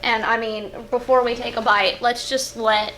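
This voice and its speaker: Young woman vlogger, high bright voice, chatty and giggly, faint hiss behind. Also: moderate pace. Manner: animated, chatty, with fillers and giggles. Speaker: vlog co-host. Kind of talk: casual storytelling chat. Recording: faint background noise.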